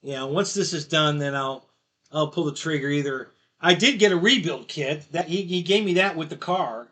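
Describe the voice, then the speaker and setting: A man's voice: fairly high pitch, normal speed, a bit bright. A middle-aged man hosting a live stream, rambling through a casual story and laughing at his own jokes. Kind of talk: casual chat.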